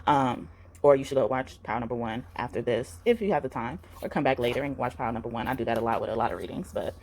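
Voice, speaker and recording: Low-voiced woman giving a rambling tarot reading. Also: fast talker, a little mellow, a little hiss or hum. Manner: rambling, earnest, many fillers and restarts. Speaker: tarot reader. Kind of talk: spiritual tarot reading vlog.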